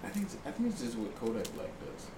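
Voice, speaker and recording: Brief: gravelly-voiced man with lively pitch, slangy podcast host, echoey noisy room. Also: quick pace. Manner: loose, slangy, steers the talk. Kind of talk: casual chat. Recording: echoey room with ambient noise.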